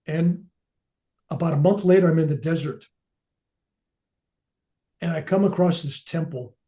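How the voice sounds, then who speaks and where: A man's voice: fairly high pitch, creaky. Older man telling a spiritual story. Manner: animated storyteller, drops to near-whispers, restarts often. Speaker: speaker at a veterans event. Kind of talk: spoken personal storytelling.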